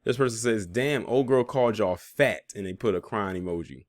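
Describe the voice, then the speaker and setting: A man's voice: lowish voice, moderate pace, no echo, clean studio sound. A man reading out social media posts and reacting with sarcastic, laughing asides, as host of a commentary channel.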